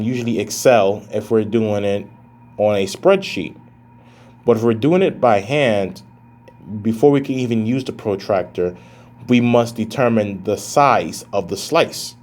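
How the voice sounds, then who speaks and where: A man's voice: fairly low pitch, a little mellow. Casual male math professor lecturing. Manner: casual, addresses students as guys, thinks aloud while calculating. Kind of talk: recorded lecture.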